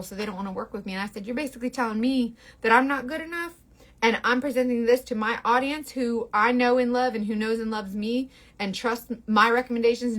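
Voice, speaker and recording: A woman's voice: fairly high pitch, fairly bright tone. A woman makeup artist talking through a casual makeup tutorial in a rambling, playful, sassy way. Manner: sassy slangy talk.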